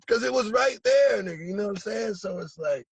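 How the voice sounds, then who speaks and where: A man's voice: sits high, animated, fairly quick, creaky, slightly rough, no room sound, rough recording. A man from Massachusetts, a guest in a casual interview, talking animatedly in profane street slang. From Brockton, Massachusetts. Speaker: guest musician.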